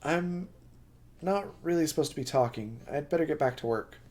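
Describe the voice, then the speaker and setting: A man reading aloud and voicing a guarded, soft-spoken young woman who brushes off concern. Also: on the high side, lively intonation, normal speed. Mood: wary.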